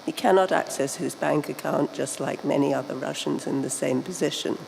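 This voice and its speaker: A woman journalist asking an earnest, measured question from the floor of a conference hall. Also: low-pitched, gravelly, darkish tone. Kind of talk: audience question at a panel. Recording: echoey hall with faint background noise.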